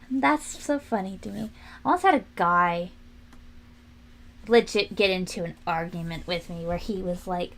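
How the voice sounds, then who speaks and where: A woman's voice: on the high side, animated, normal speed. A young woman streamer chatting casually and animatedly while she works, quoting people in raised voices. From family from New England, lives in Florida.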